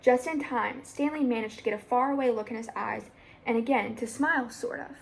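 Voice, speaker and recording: A young woman reading a children's book aloud in a steady, plain storytelling voice. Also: on the high side, brisk, vocal fry, a little hiss or hum, rough recording. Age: young adult. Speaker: storybook reader.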